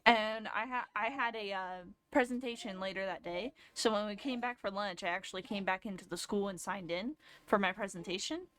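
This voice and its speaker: A woman's voice: mid-range voice, brisk, hardly any pauses, fairly bright tone. A woman in her twenties, a streamer, telling a long casual story with lots of fillers and self-corrections. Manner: rambling, lots of fillers and restarts.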